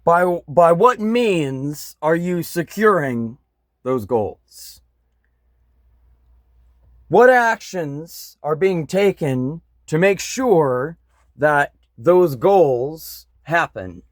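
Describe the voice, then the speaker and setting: Slow-talking, angry man ranting. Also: fairly high pitch, expressive, no echo. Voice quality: blunt, frequent swearing, bitter. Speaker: vlogger. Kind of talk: angry political rant.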